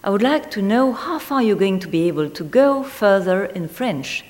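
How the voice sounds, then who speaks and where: A woman's voice: medium pitch, expressive, darkish tone. Woman reading in a reverberant hall. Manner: measured, deliberate delivery that dwells on single words. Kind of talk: reading a literary essay aloud.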